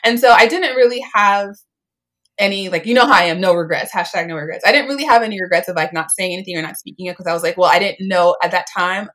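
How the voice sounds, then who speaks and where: A woman's voice: lowish voice, fast, fairly bright tone. Chatty young woman telling a story. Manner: chatty, lots of "like", acts out quotes. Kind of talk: casual storytelling.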